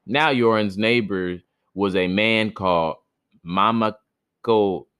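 Brief: low-pitched male host, casual slangy storyteller, jokes and stumbles, dry close sound. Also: slow, a bit bright, clear, resonant tone, no echo. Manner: slangy, joking asides, stumbles over names. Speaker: podcast host reading myths. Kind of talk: myth reading with casual commentary.

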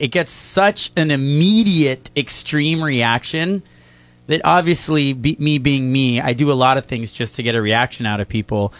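A man co-hosting a podcast, chatty and animated in casual talk, with a self-mocking manner. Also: on the high side, no echo. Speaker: podcast co-host. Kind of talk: casual chat.

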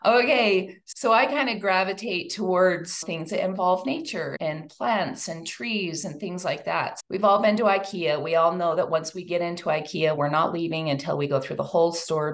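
Woman chatting to a live crowd, kinda low voice, gets emotional and goes off on little asides. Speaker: speaker at a women's event. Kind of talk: talk to a live audience.

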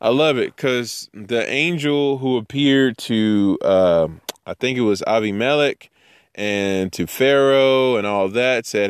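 A man teaching scripture in a casual way, reading verses slowly and then joking about them in playful voices. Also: medium pitch, clear, resonant tone, no room sound. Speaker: Bible teacher.

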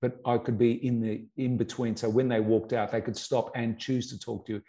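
A middle-aged Australian man tells his stories as a guest in a casual interview, his warm, mellow voice sitting at an ordinary pitch. He moves briskly, tumbling through anecdotes with animated restarts and repeated words.

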